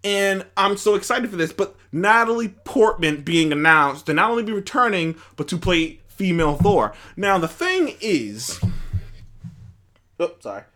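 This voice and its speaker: A man delivers casual commentary in a rambling, animated way, full of restarts and fillers. His voice sits fairly high and swings widely in pitch. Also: measured pace. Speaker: commentary host.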